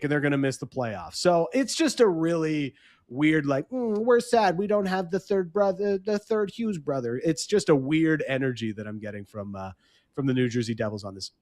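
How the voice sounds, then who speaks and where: A man co-hosting a sports podcast in casual chat, animated and quick to slip into mock voices. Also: fairly high pitch. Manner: animated, slips into mock voices when quoting others. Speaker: podcast co-host.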